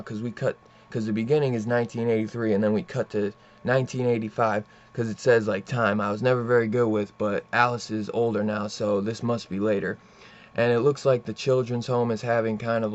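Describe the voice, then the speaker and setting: Brief: young male reviewer, loose and profane, mid-pitched, slightly muffled lo-fi sound. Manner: rambling, profane plot retelling with many fillers. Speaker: comic book reviewer. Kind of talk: casual comic book review.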